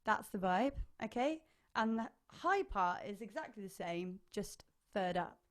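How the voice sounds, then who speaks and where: A woman's voice: medium pitch, expressive, a little slow. A woman choir leader teaching harmony parts online, chatty and enthusiastic, singing short phrases to demonstrate. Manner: enthusiastic, hesitant fillers.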